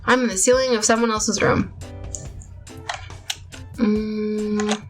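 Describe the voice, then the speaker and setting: A woman's voice: medium pitch, fairly even intonation, slow pace. A woman casually commenting on her gameplay, rambling and poking fun at herself. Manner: chatty, rambling, self-mocking. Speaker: gamer narrating her play. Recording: faint music behind.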